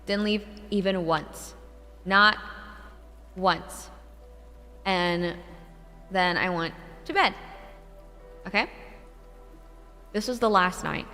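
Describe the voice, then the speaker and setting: A young woman streamer recounting a ghost encounter in a casual, animated storytelling voice that swears freely and keeps slipping into laughter. Her voice sits at an ordinary middle pitch for a woman. The recording carries a long reverb tail, and faint music plays underneath. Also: drawn-out words, pauses often. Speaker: VTuber streamer.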